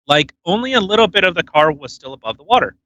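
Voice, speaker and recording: A man's voice: high voice, sing-song, fast talker, pushed and bright, no echo. A man hosting a podcast in casual chat, full of provocative jokes and banter. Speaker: podcast host.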